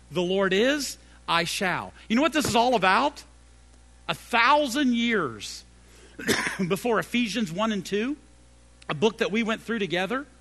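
A middle-aged male pastor preaching a sermon, swinging between loud emphatic peaks and hushed low phrases, and repeating key phrases for emphasis.

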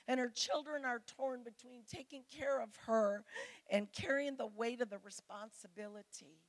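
A woman's voice: on the high side, normal speed, no echo. A middle-aged woman preaching a sermon to women, earnest and pleading as she speaks straight to her listeners.

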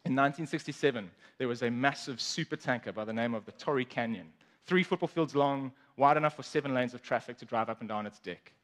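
A man's voice: mid-range voice, fast. A man casually telling a story, chatty, with asides to his listeners.

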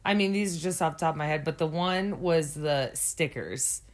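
A young woman with a slight lisp, co-hosting a casual chat podcast and telling rambling, relaxed stories. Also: low-pitched, moderate pace. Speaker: podcast co-host.

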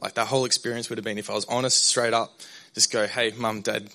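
Candid young man, bright voice. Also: mid-range voice, level tone, fast. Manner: candid and rambling, with many fillers and restarts. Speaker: pastor. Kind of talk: personal testimony in a sermon.

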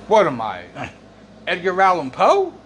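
An exasperated American man rants through a casual story, rambling unhurriedly, repeating his words, and swearing. His high voice makes huge pitch swings, and he coughs and clears his throat between lines over a faint hum of noise.

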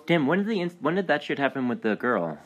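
A man's voice: mid-range voice, sing-song, quick pace. A man in casual chat, reacting with short surprised remarks and questions.

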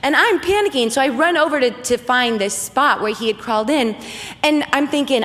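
A woman's voice: a little high, moderate pace. Woman telling a funny story in a reverberant hall. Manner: lively, humorous storytelling. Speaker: speaker. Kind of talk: faith testimony talk.

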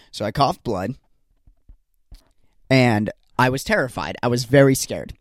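A young man speaks at a measured pace with frequent pauses, his medium-pitched voice dry on a studio podcast mic. Hosting a solo comedy podcast, he rambles through stories with exasperated, self-deprecating energy.

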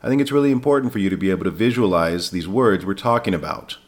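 A man hosts an English-learning podcast and reads a scripted vocabulary lesson with a fairly low voice. He talks clearly and slows down to spell each word letter by letter for learners. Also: animated. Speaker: podcast host, English teacher.

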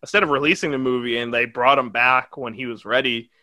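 A man's voice: medium pitch, fairly even intonation, fairly quick, bright, forceful tone, no room sound. A young man hosting a podcast, reviewing a movie in casual, rambling chat that is full of swearing and laughter. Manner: rambling, profane, laughs often. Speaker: podcast host.

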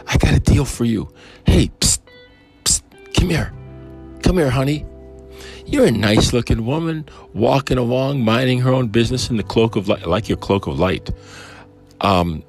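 A man's voice: medium pitch, lively intonation, moderate pace, long pauses, darkish tone, soft background music, close to an everyday voice. A man voicing a sly male serpent tempter who coaxes and insinuates in a raised voice. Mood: wheedling. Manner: coaxing, insinuating, smooth-talking.

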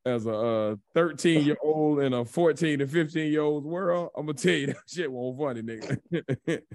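A man's voice: a little high, moderate pace. Laughing, profane young man telling stories. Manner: animated storytelling, laughs often, profane. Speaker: podcast co-host. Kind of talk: casual chat.

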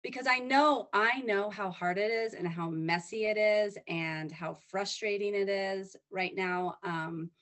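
A woman's voice: medium pitch, measured pace, few pauses, fairly bright tone. A woman hosting an interview, asking thoughtful, hesitant questions with many fillers.

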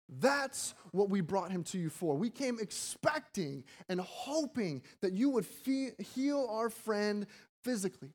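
Brief: pastor, sermon, chatty and animated, reads a passage then unpacks it. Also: medium pitch, unhurried. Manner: conversational, animated preaching with frequent repetitions; reads scripture aloud, then explains it.

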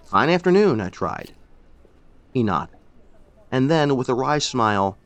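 A man narrating a first-person story in a measured, expressive way. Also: medium pitch, no room sound. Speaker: audiobook narrator.

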